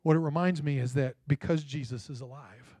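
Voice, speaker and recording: A man's voice: on the high side, steady tone, fairly quick, dark tone, no room sound. A man, a pastor, giving a sermon in a conversational storytelling way and often checking in with the congregation. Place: church.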